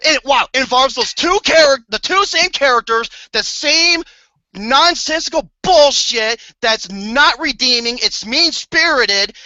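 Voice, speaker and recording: A bright, forceful voice rants through a movie review, swearing often and breaking into mock-outraged outbursts. The audio is dull and lo-fi, recorded close and dry with no room sound. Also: high voice, no echo. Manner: profane, exasperated, theatrical outbursts. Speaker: podcast co-host reviewing a movie.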